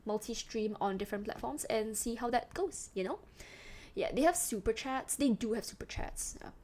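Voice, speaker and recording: A woman's voice: a little high, lively intonation, normal speed, darkish tone. A young woman from Singapore with a mixed, slightly British-sounding accent, chatting casually with her live chat as a streamer. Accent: mixed Singaporean, a little British. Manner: chatty, rambling, self-described yapper.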